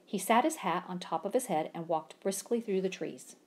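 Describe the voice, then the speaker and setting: A woman's voice: on the low side, moderate pace. A woman reading a children's storybook aloud, acting out the sound effects with gusto. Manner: animated, acts out sound effects.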